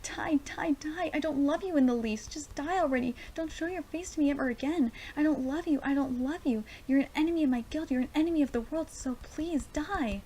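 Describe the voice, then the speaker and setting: A woman's voice: high voice, fairly quick, hardly any pauses, warm tone, slight background noise, voice pushed up, natural voice. A woman reading as a grieving girl guild founder. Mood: anguished. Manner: pleading, then bitterly rejecting.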